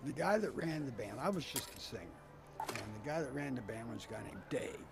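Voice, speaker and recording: A middle-aged man telling profane, animated stories about his past as a band singer in an interview. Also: mid-range voice, a little fast, creaky, over loud music. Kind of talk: casual storytelling interview.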